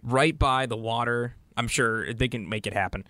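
A man's voice: medium pitch, normal speed, pushed and bright, no echo. Give me a man co-hosting a sports podcast in an easygoing, casual way. He often stammers as he starts a sentence. The sound is dry and close. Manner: easygoing, stammers on first words. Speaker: podcast producer and co-host.

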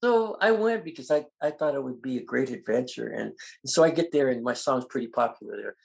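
An older man, a guest in an interview, telling animated stories and acting out the voices of people in them. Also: medium pitch, fairly quick, creaky. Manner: animated, acts out quoted voices. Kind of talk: storytelling in an interview.

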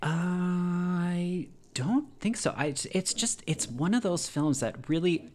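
A man co-hosting a podcast, discussing a film in casual chat, with animated, rising delivery. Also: slow, slight background noise. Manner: animated, rises sharply in pitch when excited.

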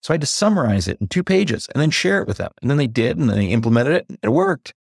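A man being interviewed as an executive coach on a podcast, speaking candidly and reflectively, slowing down on key points and growing animated as he recounts a story. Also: medium pitch, creaky, dry recording, studio quality. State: briefly emotional.

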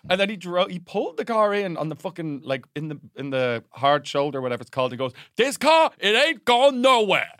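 A man, co-hosting a podcast and telling animated anecdotes in casual chat. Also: a little high, quick pace, few pauses, no room sound. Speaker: podcast co-host.

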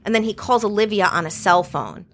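A talkative woman in her thirties tells a story in relaxed conversation, full of quick asides and filler words. Her voice sits at an ordinary pitch for a woman and carries an easy, conversational energy. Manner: chatty, animated, quick asides with "like". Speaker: podcast guest, former White House staffer. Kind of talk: casual storytelling chat.

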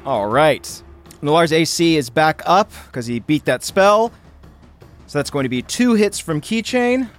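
A man narrating as game master of a tabletop game, playful and animated. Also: on the high side, a little slow, faint music behind.

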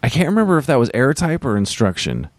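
A man hosting a casual interview, chiming in with quick, stammering remarks. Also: medium pitch, wildly swooping pitch, dry recording. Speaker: podcast host.

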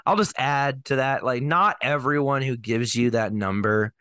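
A man on a podcast speaking in a measured, hesitant way. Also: mid-range voice, a bit bright, smooth, no echo. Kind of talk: casual chat.

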